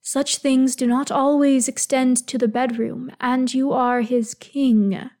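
Woman doing a stern elf lord, formal and measured, a bit high, fanfic reading. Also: little pitch movement, a little mellow. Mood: firm, stern. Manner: measured, formal, firm then soothing. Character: older male elf lord, stern yet caring.

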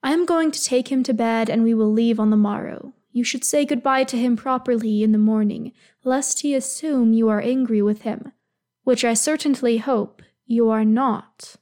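A woman voicing a stern but caring older male elf lord, speaking formally and with measured firmness. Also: a little high, darkish tone, natural voice. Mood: firm, stern. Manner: measured, formal, firm then soothing.

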